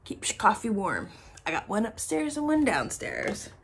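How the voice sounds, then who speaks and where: A woman vlogger chatting casually to camera about her shopping haul, excitable and swearing freely. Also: medium pitch, normal speed, slight background noise.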